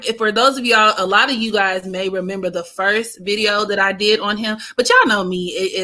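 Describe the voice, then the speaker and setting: A woman hosting a casual livestream, greeting chat viewers and reading astrology charts in an animated way. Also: mid-range voice. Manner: animated, greets chat by name, breaks into singing. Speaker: livestream host and astrology reader.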